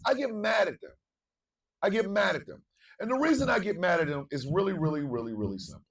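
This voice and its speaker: A male morning show host, delivering an impassioned monologue, repeating phrases and swinging from low murmurs to shouting. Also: lively intonation, quick pace, recorded from a distance.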